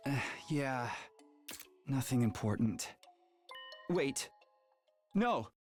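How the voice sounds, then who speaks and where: A woman putting on a low, uneasy young schoolboy. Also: lively intonation, a little mellow, faint music behind, heavily acted. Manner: hesitant, halting. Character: worried young male student hero, confused. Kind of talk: reading a visual novel aloud.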